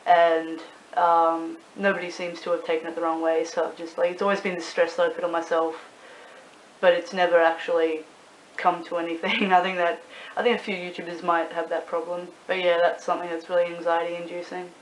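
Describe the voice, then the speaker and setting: Young aussie woman vlogging, kinda low voice, swears a lot, rambles, echoey room w/ a little hiss. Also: little pitch movement, brisk. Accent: Australian. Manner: chatty, swears freely, rambling with many fillers. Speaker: YouTuber and club promoter. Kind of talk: casual talking-to-camera vlog.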